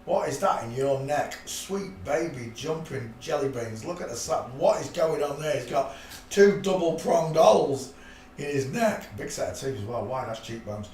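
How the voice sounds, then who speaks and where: An animated man with a mid-range, slightly mellow voice talks at normal speed. He hosts a rambling live stream where he mutters and chuckles bluntly and offhandedly to himself. The audio has echo from the room, a faint hiss, and a mic placed at a distance.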